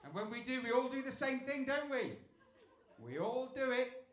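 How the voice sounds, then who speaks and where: A man doing a stand-up set on a club stage into a handheld mic, telling dark jokes deadpan, dropping low for setups and getting loud on punchlines. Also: moderate pace. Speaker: stand-up comedian. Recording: echoey club with room noise.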